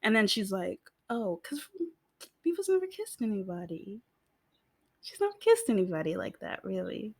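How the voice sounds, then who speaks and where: A woman's voice: medium pitch, very animated, moderate pace. A young American woman chatting casually as she recaps a TV show, laughing often and filling her talk with asides. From United States. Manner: giggly, chatty, lots of fillers and asides. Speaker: video host.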